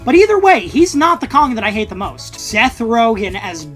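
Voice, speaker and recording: A woman with a slightly high voice reads her scripted movie review in a casual, wry way, full of sarcastic asides and the odd curse. Faint music plays under her narration. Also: sing-song, moderate pace. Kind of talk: scripted video essay narration. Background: faint background music.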